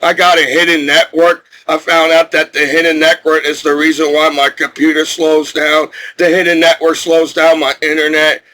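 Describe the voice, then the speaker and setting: A man's voice: on the high side, little pitch movement, moderate pace, hardly any pauses, bright, forceful tone, rough recording. A middle-aged male military veteran from New Jersey, ranting angrily and profanely to camera and repeating himself. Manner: agitated, profane, repetitive. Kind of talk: angry rant to camera.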